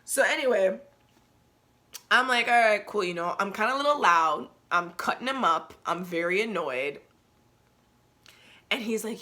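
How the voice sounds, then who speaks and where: A young adult woman hosting a podcast, telling a personal story in a candid, slangy, animated way. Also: medium pitch, moderate pace, long pauses. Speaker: podcast host.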